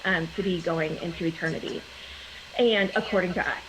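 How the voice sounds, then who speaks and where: A woman's voice: lowish voice, steady tone, brisk, background noise. A woman in her forties, a guest talking earnestly in casual conversation over a video call, with many fillers.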